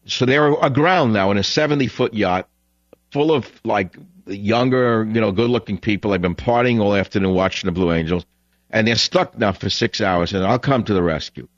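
A man hosting a talk radio show, telling a long rambling anecdote with lively put-on quotes. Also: on the low side, no echo, highs cut off. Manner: rambling, animated anecdote teller. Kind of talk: talk radio monologue and storytelling. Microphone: close studio mic.

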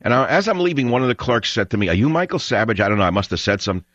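A man hosting a talk radio show, ranting in an animated way and breaking into loud shouting. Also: medium pitch, racing, dry recording. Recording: dull lo-fi radio broadcast.

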